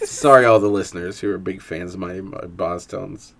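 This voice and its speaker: A woman's voice: rumbling low, a little fast. A woman co-hosting a podcast in casual chat, sarcastic and full of dry jokes. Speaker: podcast co-host.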